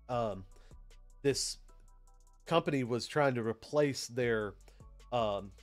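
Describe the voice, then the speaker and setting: Man, southern us accent, casual live tech lesson, rambling, filler-heavy, mid-pitched, faint music behind. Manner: rambling, chatty, many fillers. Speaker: PLC training host.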